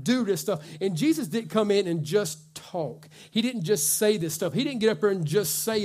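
A man with a high-pitched voice preaching in a church. He urges loudly, then drops to slow, hushed readings of scripture. His talk is folksy, full of "man" and "come on". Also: lively intonation. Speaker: pastor. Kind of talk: sermon.

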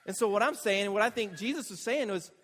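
High-voiced man preaching in a reverberant hall. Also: fast. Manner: conversational, animated, asks the listeners rhetorical questions. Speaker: pastor. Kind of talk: sermon.

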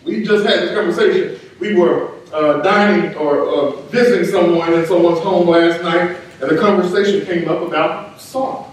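In a church sanctuary, a male pastor with a high-pitched voice delivers an emphatic sermon at normal speed, repeating important words for emphasis. It's recorded from a distance in an echoey space, with slight hiss or hum.

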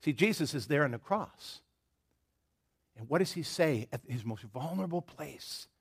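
A man with a Southern American accent preaching a sermon in a conversational way, moving between loud emphatic lines and hushed ones. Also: on the high side, expressive, normal speed, slightly rough. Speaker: pastor.

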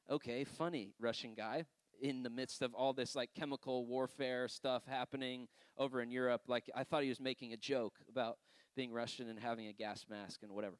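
A man delivers a sermon as if telling stories over coffee, breaking into laughter and easy asides. His voice sits at an ordinary middle pitch. The recording is dry and close, with no room sound around him. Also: fairly even intonation, fairly quick, clean tone, no echo. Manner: conversational storytelling, frequent laughs and asides. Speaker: pastor.

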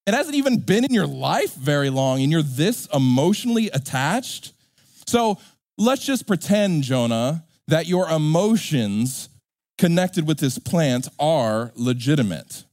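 A man voicing God as a patient, calmly reasoning father speaking to a stubborn man. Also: fairly high pitch, a little slow, dry recording.

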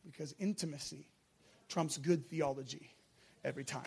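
High-voiced man preaching with passion. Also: moderate pace, vocal fry, a little hiss or hum. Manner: passionate, swings from shouting to hushed. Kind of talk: sermon.

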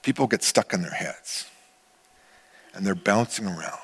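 A middle-aged man preaching a sermon, animated, acting out quotes and swinging between loud and hushed delivery. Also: low voice, moderate pace, slightly rough. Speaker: pastor.

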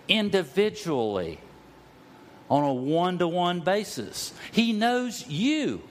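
A middle-aged man delivers a sermon in a storytelling way, and his voice moves through a wide pitch range. He drops low and slow on the words he wants to stress, then climbs to loud cries. A faint room hum sits under his voice. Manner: storytelling preacher, slows for emphasis, rises to loud cries. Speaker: pastor.

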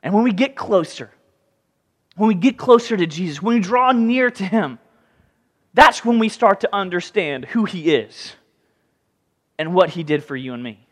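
A man preaching a sermon as pastor, lively, often acting out the voices of people in the story. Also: high voice, normal speed, long pauses. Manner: animated, acts out voices in the story. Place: church sanctuary. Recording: hall reverb.

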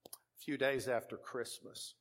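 A man's voice: mid-range voice, fairly even intonation, a little slow, a bit bright. A middle-aged man with a Texan accent, a pastor telling a story from the pulpit as a sermon, acting out the voices of the people in it.

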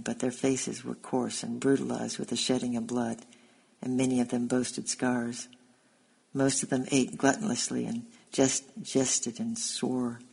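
A man narrating a historical story aloud in a steady, even reading. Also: medium pitch, vocal fry, slightly rough, low-quality recording.

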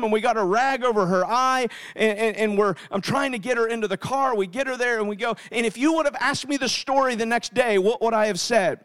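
A man's voice: extremely high pitch, a little fast, fairly bright tone. A middle-aged man preaching a sermon and telling a family story, speaking emphatically and often repeating words as he starts sentences. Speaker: pastor.

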